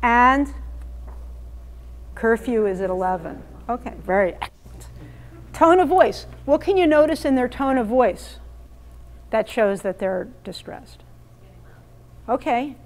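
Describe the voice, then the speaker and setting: A woman's voice: high voice, animated, a little slow, pauses often, darkish tone. A woman presenting an interactive parenting workshop, speaking emphatically and questioning her audience in a meeting room. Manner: emphatic, quizzes the audience, role-plays lines to kids.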